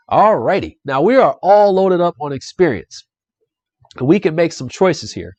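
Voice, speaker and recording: A man's voice: on the high side, big pitch swings, measured pace, a little mellow, no room sound. A young adult man streaming a solo board game live, chatty and upbeat as he talks to viewers and reads the adventure text. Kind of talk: casual live-stream playthrough commentary.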